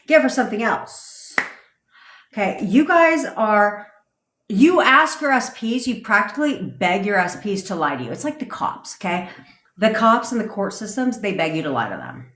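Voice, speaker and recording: Woman, livestream coach, blunt and profane, fired-up rant, mid-pitched, roomy echo. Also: sing-song, moderate pace, a bit bright. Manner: reads and answers viewer comments. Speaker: manifestation coach. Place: home desk. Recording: roomy, echoey room sound.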